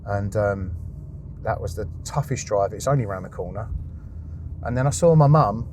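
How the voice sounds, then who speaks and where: A man's voice: fairly low pitch, moderate pace, a little mellow, slight background noise. A man, a podcast guest, telling a raw personal story, swearing often and acting out his past thoughts.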